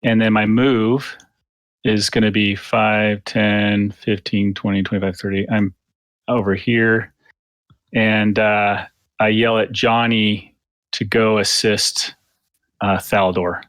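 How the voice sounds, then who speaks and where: Flat, low-voiced tabletop player. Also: male voice, slow pace, dry recording. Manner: matter-of-fact, counting out moves. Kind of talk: casual tabletop play.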